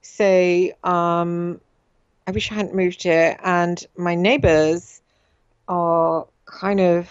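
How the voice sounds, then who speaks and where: A woman's voice: on the low side, steady tone, extremely slow, smooth, no room sound, muffled recording. A middle-aged woman hosting a radio show, talking in a rambling, confiding way with many fillers and repeated words. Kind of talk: casual monologue.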